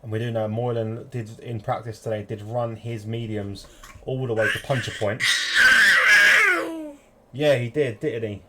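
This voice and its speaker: A British man commentating a sim race, jokey and rising to excited shouts. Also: medium pitch, measured pace, pauses often. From United Kingdom. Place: home room with children nearby. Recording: loud background noise.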